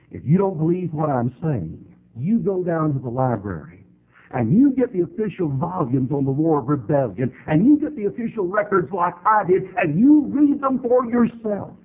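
Southern drawl preacher man, husky, voice swings way up and down, fired up, sounds tinny like an old broadcast. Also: on the high side. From American South. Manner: impassioned, swells to loud climaxes and slows for emphasis. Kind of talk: fiery sermon. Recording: tinny narrow-band broadcast audio.

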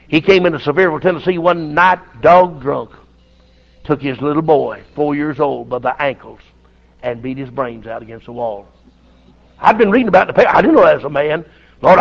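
An older man, preaching a folksy, animated storytelling sermon that breaks into shouted outbursts. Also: high voice, gravelly, highs cut off.

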